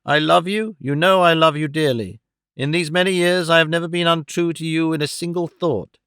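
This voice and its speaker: A man's voice: a little high, fairly even intonation, fairly bright tone, clean tone, dry recording, clean studio sound. A man doing a trembling, fierce old man. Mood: earnest pleading. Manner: slow, earnest, protesting. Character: frail old man, suddenly fierce and indignant.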